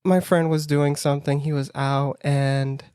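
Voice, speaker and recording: Animated man telling a dating story. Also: a little high, measured pace, clear, resonant tone, no room sound, studio quality. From United States, near New York. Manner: animated, acts out his own lines in quotes; frequent "like" fillers, laughs through story. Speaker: podcast co-host. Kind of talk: casual storytelling chat.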